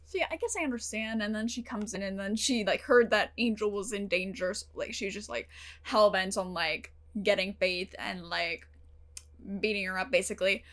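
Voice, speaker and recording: A young woman hosting her own reaction channel talks to the camera about a TV episode, casual, emotional, and animated. Her mid-range voice moves at a normal speed, thick with fillers and the occasional swear word.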